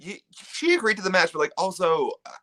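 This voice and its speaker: A podcast co-host chatting casually about wrestling with wry, deadpan quips. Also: mid-range voice, a little fast. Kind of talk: casual chat recapping wrestling.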